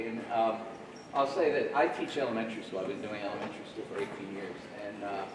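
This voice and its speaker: A guest jazz clinician in his forties coaches a middle school jazz band in a friendly way during rehearsal, scatting rhythms aloud as he teaches. His voice is fairly low, picked up from far off in an echoey room with background noise.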